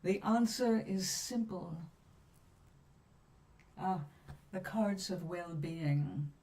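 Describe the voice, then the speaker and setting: A woman hosting a live stream for viewers, chatting in a soothing, unhurried way with long pauses. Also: on the low side, mellow. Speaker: livestream host reading cards for viewers. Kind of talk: relaxed live chat with viewers. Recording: somewhat distant mic with faint background ambience.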